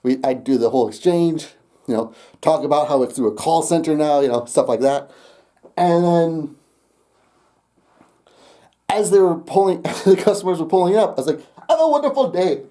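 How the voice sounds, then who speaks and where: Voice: medium pitch, normal speed, pauses often, warm tone. A young adult vlogger telling a rambling story straight to camera, laughing often and swearing casually.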